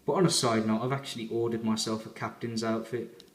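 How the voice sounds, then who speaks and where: A man's voice: lowish voice, fairly even intonation, a little fast, echoey room. A man giving a rambling, chatty fan review as he unboxes a collector's set.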